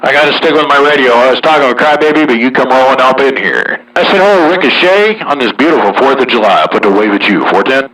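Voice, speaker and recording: A man in the US Northwest hosting a relaxed CB radio chat, with folksy banter. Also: mid-range voice, fast talker, few pauses, distant mic, low-quality recording. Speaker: CB radio operator and channel host.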